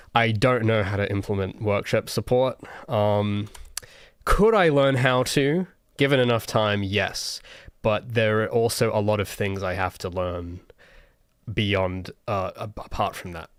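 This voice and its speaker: An Australian solo game developer chats casually on a livestream while drawing, rambling with self-mocking jokes and frequently restarting his sentences. His voice sits on the low side, clear and resonant, with clean studio sound and no room echo.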